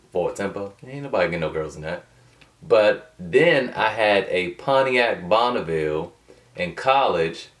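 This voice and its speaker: Low-voiced man rambling through a vlog. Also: fairly bright tone. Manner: rambling, colloquial, digressive. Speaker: vlogger. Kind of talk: casual unscripted vlog. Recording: distant from the mic.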